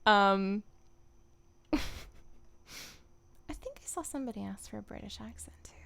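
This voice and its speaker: A woman's voice: mid-range voice, expressive, unhurried, creaky, a bit bright. A woman voice actor chatting casually on a stream, rambling and laughing often.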